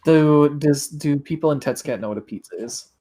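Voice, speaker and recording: A man's voice: fairly high pitch, moderate pace, warm tone. A man playing a tabletop game, arguing his plans in casual chat. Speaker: player.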